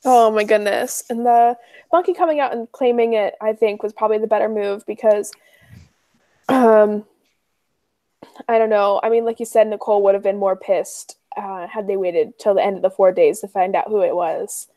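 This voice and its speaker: A woman's voice: mid-range voice, steady tone, moderate pace, mellow, no room sound. A woman on a podcast panel, chatting casually in an exasperated way and laughing often. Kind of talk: casual chat.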